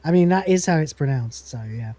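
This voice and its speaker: A man hosting a livestream, casually recapping a comedy episode, swearing and rambling, reading out lines in quick voices. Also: on the high side, animated, warm tone, no echo. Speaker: podcast host.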